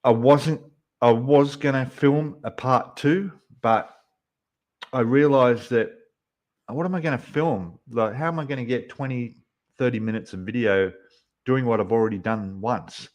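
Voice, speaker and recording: A man's voice: mid-range voice, measured pace, darkish tone. A man hosting a casual livestream, rambling as he answers viewers' chat messages. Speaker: livestream host.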